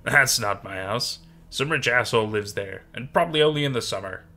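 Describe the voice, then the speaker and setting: A man voicing a tiny, fierce old woman who barks sharp commands and scolds, read within a spooky storybook narration. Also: medium pitch, animated, fairly quick, gravelly. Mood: scolding.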